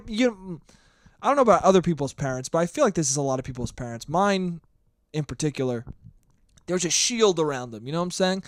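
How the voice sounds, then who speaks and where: A man's voice: on the high side, dry recording. A young man hosting a solo podcast while hungover, rambling, swearing and earnest, with laughs along the way. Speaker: podcast host. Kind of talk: casual solo podcast monologue. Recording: dry close sound with sirens outside.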